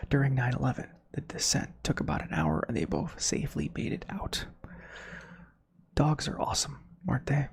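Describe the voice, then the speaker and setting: A man hosting a soft-spoken ASMR reading of facts, softly whispering with chatty asides. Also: medium pitch, gravelly, slightly rough. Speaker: ASMR host.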